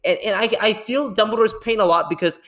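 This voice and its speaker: A young man hosting a podcast, talking casually in a rambling, animated way and laughing often. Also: high voice, quick pace. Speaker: podcast host.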